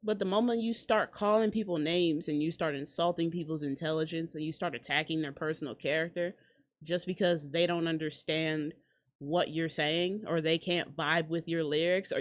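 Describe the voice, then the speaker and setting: A woman hosting a casual reaction commentary, sarcastic and profane, tossing out quick asides. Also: low voice. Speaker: commentary host.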